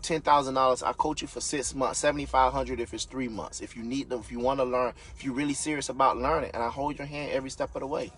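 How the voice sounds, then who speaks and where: Man, investor-coach type, husky mid-pitched voice, yelling profane motivational rant on a live stream. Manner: fired-up, yelling, profane, blunt. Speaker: real estate investor and business coach. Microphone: phone or webcam on a social media live stream.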